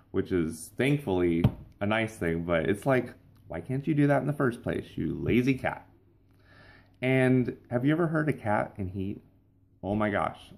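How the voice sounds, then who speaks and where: Young male vlog host, playful and rambling, slightly low voice. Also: darkish tone. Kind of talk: casual vlog monologue.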